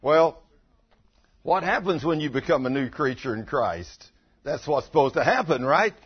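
An older man preaching a folksy sermon full of homespun stories, acting out quotes loudly. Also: mid-range voice, husky. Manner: homespun, animated, breaks into loud acted quotes. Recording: dull lo-fi sound.

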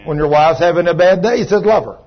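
A man's voice: high-pitched, fast, lo-fi sound. A man preaching a sermon, folksy and chatty, calling on members of the congregation by name. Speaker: pastor. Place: church.

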